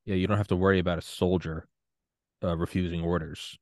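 A man's voice: low-pitched, flat delivery, fairly quick, dry recording, studio quality. A man hosting a podcast interview, chatting casually and joking, acting out quoted voices as he talks. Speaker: podcast host.

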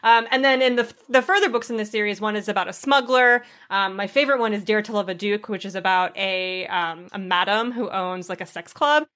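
A woman's voice: medium pitch, a little fast, few pauses, a bit bright. Woman co-host, casual, gushing, filler-heavy book chat. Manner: gushing, lots of fillers, laughs easily. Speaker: podcast co-host.

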